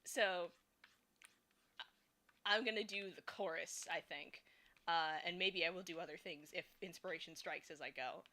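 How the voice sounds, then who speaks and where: A woman's voice: on the low side, a little slow, long pauses, pushed and bright. A young woman chatting casually and thinking aloud while she draws, giggling often between fillers. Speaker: streamer and fan artist. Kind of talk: casual chat while drawing.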